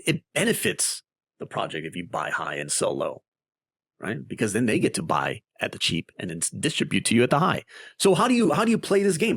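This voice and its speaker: Animated man with a dry close sound. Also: medium pitch, breathy edge, no echo. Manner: animated and conversational, with many tag questions. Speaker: crypto investing video host. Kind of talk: casual screen-share explainer.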